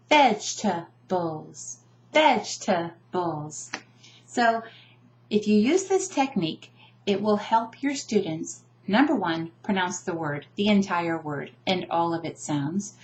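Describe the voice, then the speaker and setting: A woman teaching pronunciation, talking casually and drawing out example words with careful, slow enunciation. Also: mid-range voice, a little mellow. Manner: casual, often checks in with a "right?". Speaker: language teacher. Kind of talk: explaining pronunciation to camera.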